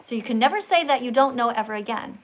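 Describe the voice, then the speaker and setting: High-voiced preachy woman livestreamer. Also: animated, fast. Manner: preachy, scolding, repeats phrases emphatically. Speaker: vegan activist livestreamer. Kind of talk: livestream chat answering super chats.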